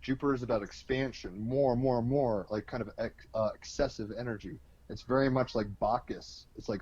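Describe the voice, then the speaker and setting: A man on as an astrology guest, telling an animated, rambling story, heavy with fillers. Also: fairly low pitch, fairly quick, breathy edge, lo-fi sound. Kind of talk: casual storytelling explanation.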